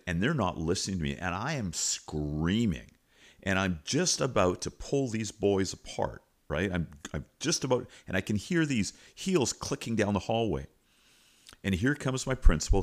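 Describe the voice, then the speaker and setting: Deep-voiced man telling a school story. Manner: animated, folksy retelling with repeated asides. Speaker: podcast host and teacher. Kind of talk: storytelling anecdote.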